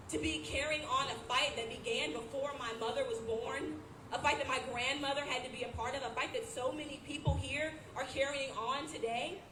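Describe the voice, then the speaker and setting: A woman's voice: high-pitched, bright, forceful tone. A young woman in her twenties, a student leader, giving an emotional, earnest personal speech at an outdoor rally. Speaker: student body president. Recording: echoey outdoor sound with background noise.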